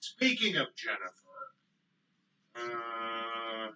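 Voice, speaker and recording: A man co-hosting a casual podcast chat, choking up and pausing often with ums. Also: medium pitch, very animated, pushed and bright, far from the mic, faint music behind, low-quality recording. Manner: choked up, halting with many ums. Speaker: podcast co-host.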